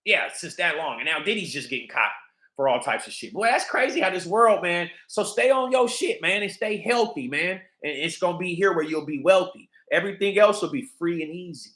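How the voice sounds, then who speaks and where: A man's voice: high-pitched, animated, fairly quick, a bit bright, echoey room. A man hosting a livestream, ranting in a heated, profane, repetitive way. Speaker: livestream host.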